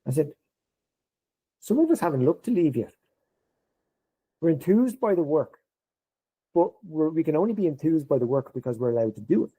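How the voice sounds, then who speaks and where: Speaking at a moderate pace with long pauses, a middle-aged man with a husky voice on the high side shares workplace stories as a podcast guest. The recording is low quality. He keeps it casual and animated, raising his voice to act out quoted exchanges.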